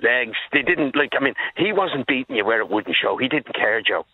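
Calling in to a radio program, this man from Dublin, Ireland, in his sixties, tells his story with emphasis and calls the host by name. He has a husky, mid-range voice with lively intonation and normal speed, heard dry through a tinny phone line.

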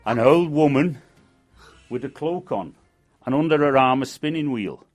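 An older man with a Manchester accent telling a folk tale in a lively, dramatic way. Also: mid-range voice, measured pace, soft background music. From England. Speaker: storyteller and guide. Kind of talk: folk storytelling.

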